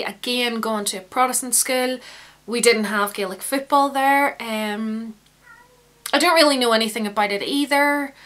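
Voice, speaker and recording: A woman's voice: a little high, pushed and bright. A young Northern Irish woman vlogging casually, rambling and laughing at herself as she chats. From Northern Ireland. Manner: rambling, self-mocking, laughs often. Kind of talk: casual chatty vlog.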